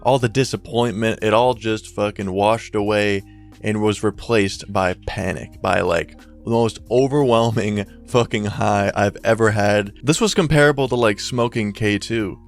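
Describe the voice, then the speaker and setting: A man's voice: on the low side, a little slow, faint music behind. A young man telling a story in a casual, rambling way, full of slang and swearing. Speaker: YouTuber storyteller.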